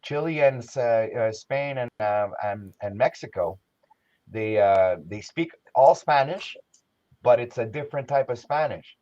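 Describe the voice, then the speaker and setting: A man's voice: medium pitch, expressive, measured pace, darkish tone, muffled recording. A man from Quebec with a Québécois French-Canadian accent, chatting casually in a blunt, slangy way and slipping into French. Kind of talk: casual chat.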